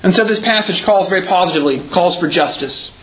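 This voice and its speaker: High, bright-voiced male pastor preaching. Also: fast talker, a little hiss or hum, rough recording. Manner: explanatory, emphatic on repeated words. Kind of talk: sermon. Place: church.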